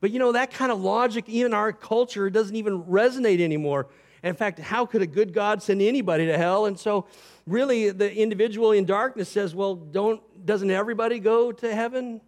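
A pastor preaching a sermon, explaining Greek grammar and acting out short quotes. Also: male voice, high voice, a little fast.

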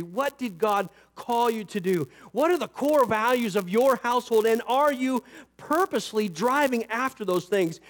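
A man with a fairly high voice delivers a sermon from the pulpit. He drops into easy asides, then lifts his voice and slows down to drive a point home. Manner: rises and falls for emphasis, slows on scripture; conversational asides with "you know" and "right". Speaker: pastor.

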